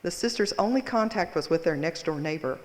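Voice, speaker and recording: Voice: mid-range voice, animated, a little fast, a little mellow. A conference presenter telling a story in a wry, self-mocking and dramatic way, then reading a case aloud. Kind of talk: storytelling keynote talk. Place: large conference hall. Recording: roomy hall reverb.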